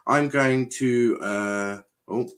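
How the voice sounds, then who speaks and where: A man's voice: medium pitch, drawn-out words, a bit bright. A young man streaming a football watchalong, chatting casually, reading viewer comments aloud and repeating himself with lots of fillers. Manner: rambling, repeats phrases, many fillers.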